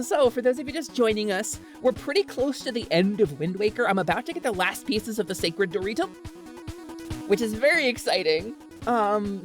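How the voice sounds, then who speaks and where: A young woman chatting playfully while streaming a game, giggling and slipping into goofy in-character bits. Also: fairly high pitch. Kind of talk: casual chat while gaming.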